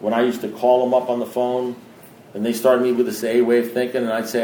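A man's voice: mid-range voice, flat delivery, fast, darkish tone. A man speaking to a recovery group in a blunt, plain-spoken way, often asking his listeners direct questions. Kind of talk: informal talk to a group. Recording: echoey room with faint background noise.

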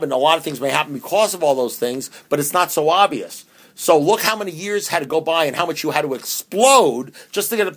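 Man giving an animated recovery talk. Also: on the high side. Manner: conversational, humorous, emphatic with restarts. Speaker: AA speaker.

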